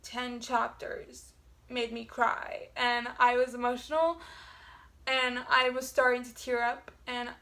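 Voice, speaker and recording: A woman's voice: fairly high pitch, level tone, takes it slowly, sharp tone. A woman book vlogger chatting casually, rambling with lots of "like" fillers and self-corrections. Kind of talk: casual chat.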